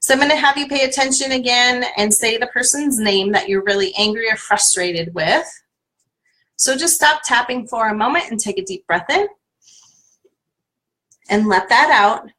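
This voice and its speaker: A woman's voice: fairly high pitch, normal speed, bright, forceful tone. A woman leading a live tapping session as a coach, giving encouraging, step-by-step instructions to viewers. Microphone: livestream webcam.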